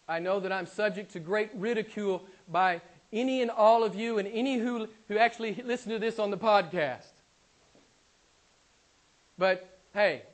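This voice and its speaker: Emphatic high-voiced male preacher. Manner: emphatic, repeats key phrases; moves between loud emphasis and low quiet asides. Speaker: pastor. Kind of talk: sermon. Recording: live church sermon.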